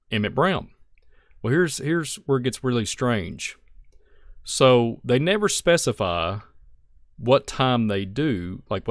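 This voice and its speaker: A man co-hosting a podcast, talking through a film slide by slide in a rambling, excitable way with many restarts. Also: mid-range voice, no echo, clean studio sound. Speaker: podcast co-host. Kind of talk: casual film-analysis chat.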